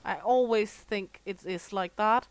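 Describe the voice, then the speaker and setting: A middle-aged woman from Denmark, speaking with a Danish accent, live-streams a store game and chats casually with her viewers, swearing freely and laughing often. Her voice is medium-pitched, smooth and unhurried. The recording is rough, with no room sound.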